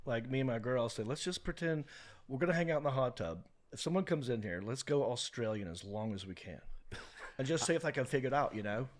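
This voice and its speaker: A man from North Carolina with a North Carolina accent, a guest comedian in a casual podcast chat, telling lively stories and acting out the voices of people he quotes. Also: medium pitch, fast. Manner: animated storyteller who acts out quoted voices.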